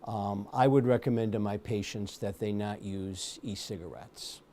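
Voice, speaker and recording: A man speaking as a pulmonologist in an interview, giving measured explanations with frequent ums and uhs. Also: on the low side, steady tone, warm tone. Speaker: pulmonologist guest. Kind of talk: medical interview answers.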